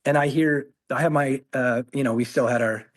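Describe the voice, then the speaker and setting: A man in his forties, a former Marine guest, telling war stories in casual conversation, animated and laughing as he acts out quoted voices. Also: medium pitch, normal speed. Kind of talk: conversational storytelling.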